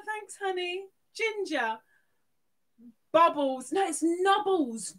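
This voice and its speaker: A woman's voice: sits high, expressive, slow pace. A woman hosting a live stream, gushing affectionately as she reads out viewers' names and thanks them. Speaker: livestream host.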